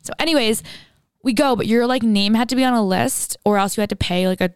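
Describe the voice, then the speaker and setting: Her voice is on the high side and smooth, and she talks fast on a dry recording. This young podcast co-host in her twenties chats casually, telling energetic stories peppered with "like" and "literally."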